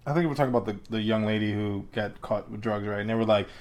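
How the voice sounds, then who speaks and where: A man's voice: lowish voice, very fast, a little mellow. A man in casual chat with a friend, laid-back and slangy, laughing often between words.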